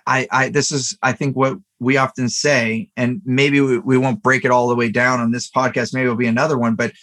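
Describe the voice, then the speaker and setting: A man's voice: mid-range voice, flat delivery, a little fast, a bit bright. A middle-aged man hosting a podcast, telling a personal story in an earnest, motivational way with plenty of fillers. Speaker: podcast host. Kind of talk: casual podcast conversation.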